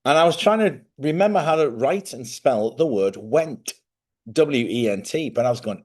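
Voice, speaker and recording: A man hosting a live stream, chatting casually and rambling as he thinks out loud. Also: medium pitch, lively intonation, normal speed, breathy edge. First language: English.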